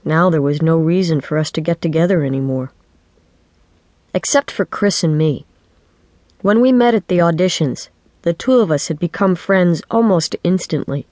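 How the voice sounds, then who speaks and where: A woman narrating a children's book in the first person, with lively, wry storytelling. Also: on the low side, normal speed, dry recording. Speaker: audiobook narrator. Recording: dry studio audiobook.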